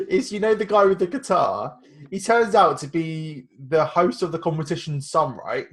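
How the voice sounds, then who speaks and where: A man's voice: on the high side, moderate pace. A man co-hosting a casual film review chat, laughing often and teasing. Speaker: podcast co-host.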